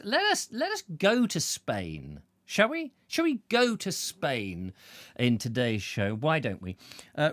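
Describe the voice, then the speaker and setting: A man's voice: fairly high pitch, a bit bright, dry recording, studio quality. Playful rambling man hosting. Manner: rambling, playful, stumbles over names and jokes around. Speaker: show host. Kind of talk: chatty live-stream banter.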